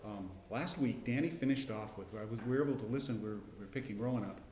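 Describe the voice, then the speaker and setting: A middle-aged man teaching a casual Bible class, folksy and rambling, with frequent restarts and throat clearing. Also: fairly low pitch, quick pace, a little mellow, reverberant, slight background noise. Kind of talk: casual Bible lesson with personal story. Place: church classroom.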